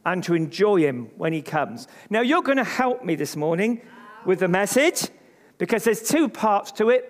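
High-voiced, animated man preaching. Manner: emphatic, leads call-and-response with the congregation. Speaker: pastor. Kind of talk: sermon. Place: church service before a congregation. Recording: long reverb of a large hall.

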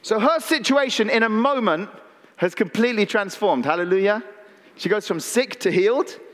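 High-voiced preacher in a reverberant hall. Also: male voice, expressive, normal speed, a bit bright. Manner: conversational, with playful asides and calls to the congregation. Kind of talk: sermon. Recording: long reverb in a large hall.

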